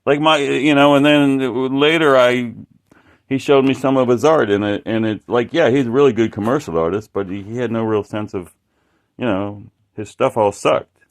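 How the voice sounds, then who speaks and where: A man's voice: medium pitch, normal speed. A man talking casually about his art in a rambling, profane way, often stopping and restarting mid-sentence. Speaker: artist showing his work.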